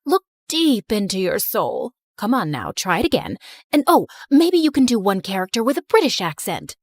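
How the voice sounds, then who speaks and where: A woman voicing a dramatic, self-absorbed middle-aged mother who was once an actress, in an animated story. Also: medium pitch, moderate pace, dry recording, clean studio sound. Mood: theatrical.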